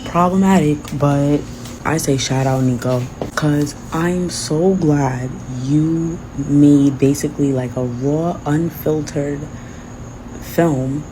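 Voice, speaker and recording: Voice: mid-range voice, slow pace. Blunt emphatic speaker, noisy recording. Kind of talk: casual opinion video. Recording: noisy background.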